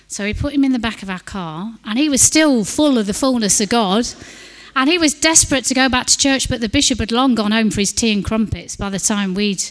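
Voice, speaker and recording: Woman, middle-aged, preacher, earnest anecdotes, slightly high-pitched. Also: fairly bright tone. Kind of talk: sermon with personal anecdote.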